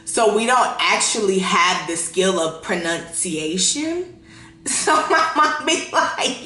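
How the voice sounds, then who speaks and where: Bright-voiced, profane woman in her thirties. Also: fairly low pitch, roomy sound. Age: 30s. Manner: profane, laughing, animated storytelling. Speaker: podcast host. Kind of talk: casual unfiltered monologue.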